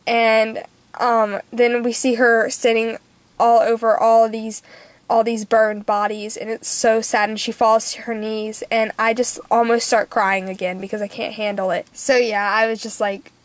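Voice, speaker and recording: A woman's voice: a little high, little pitch movement, unhurried, no echo. A young woman vlogging a casual movie review, gushing and emotional, rambling with lots of fillers.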